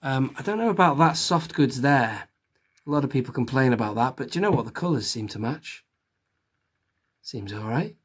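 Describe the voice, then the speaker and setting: Male host, chatty collector vlog, mid-pitched, rambling with lots of asides. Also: lively intonation, normal speed. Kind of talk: casual toy review vlog.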